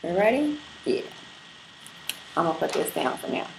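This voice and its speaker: A woman's voice: on the low side, big pitch swings, moderate pace, gravelly. A woman from Brooklyn hosting a casual livestream, brash and profane, talking straight to her viewers. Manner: brash, profane, playful, addresses viewers directly. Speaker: livestream host. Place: apartment room in Brooklyn. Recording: echoey room with faint background noise.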